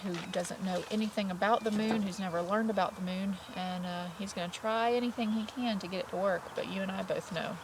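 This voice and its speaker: A woman's voice: medium pitch, fairly even intonation, a little fast, hardly any pauses, background noise. A woman kindergarten teacher reading a picture book aloud to young children, stopping to chat and ask them questions. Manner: chatty, asks children questions, voices story characters.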